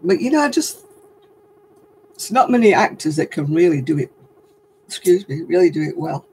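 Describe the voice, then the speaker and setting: A man's voice: a little high, lively intonation, normal speed, a little mellow, husky, rough recording. An older man hosting a casual livestream chat, talking in a rambling, chatty way and laughing often. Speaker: host.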